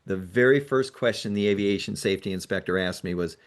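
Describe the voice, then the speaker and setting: A man's voice: on the low side, a little fast. A man, a nonprofit founder as a guest, telling a story in a conversational interview and acting out what others said. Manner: lively retelling that acts out other people's lines.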